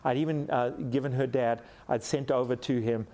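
A man's voice: mid-range voice, fairly even intonation, moderate pace, mellow. A middle-aged man from Africa giving a sermon, telling a personal story with animation and acting out the quoted lines. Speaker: pastor.

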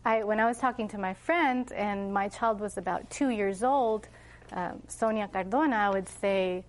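A woman's voice: mid-range voice, moderate pace. A middle-aged woman telling stories about raising her children, animatedly acting out what she and they said. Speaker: homeschooling mother giving a talk. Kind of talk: casual storytelling talk.

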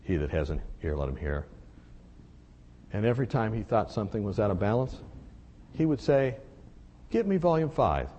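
A man preaching a sermon, telling a personal story in a confessional way that moves between hushed and emphatic. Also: on the low side, lively intonation, a little fast, long pauses, slightly rough, highs cut off.

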